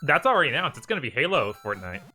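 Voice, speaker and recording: A man's voice: medium pitch, sing-song, rapid-fire, pushed and bright. A man playing a game on a stream, reacting wryly and chatting casually with his co-host. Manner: wry, reacting to the game with mild exasperation. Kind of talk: casual chat over gameplay. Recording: game music underneath.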